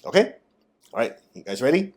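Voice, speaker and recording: A man giving a spiritual talk and guided meditation, direct and animated, asking his listeners teasing questions. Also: mid-range voice, fairly quick. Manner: animated, acts out quoted voices. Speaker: meditation teacher.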